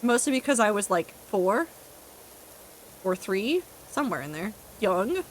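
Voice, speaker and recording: A young woman streams a game from home and chats casually with her viewers, rambling, reading live chat and laughing at herself. Her medium-pitched voice is very animated and unhurried, with a little hiss or hum.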